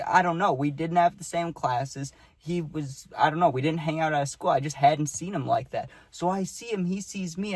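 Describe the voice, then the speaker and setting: A man's voice: a little high, no room sound. A young man casually telling a rambling personal story, peppering it with "dude" and "right?".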